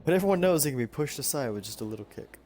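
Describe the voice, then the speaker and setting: A man's voice: mid-range voice, animated, rapid-fire, a little mellow, slight background noise, lightly acted. A man voicing a wife reading her journal aloud in a put-on Southern US drawl, drawn out and mock-serious. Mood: mock-solemn.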